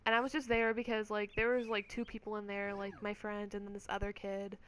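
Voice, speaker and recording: A woman's voice: mid-range voice, flat delivery, fairly quick, smooth. A woman gamer vlogger telling a story in a casual, rambling rant, swearing often and filling her speech with "like". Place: at home.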